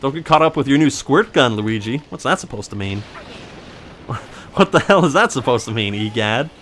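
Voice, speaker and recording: Let's-play host: man, mid-pitched, very animated delivery, goofy improvised asides over gameplay. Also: moderate pace, a little hiss or hum. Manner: joking, rambling, makes up silly backstories. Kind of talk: casual gameplay commentary.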